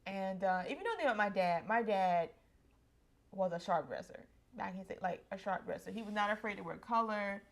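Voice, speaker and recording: A woman in her thirties talking in a relaxed, chatty way at an everyday pitch, warm toward the person beside her. She rambles easily from memory to memory. Her voice softens when she gets sentimental. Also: brisk. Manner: chatty, affectionate, emotional at times, frequent laughs. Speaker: co-host of a couple's channel. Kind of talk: casual reminiscing chat.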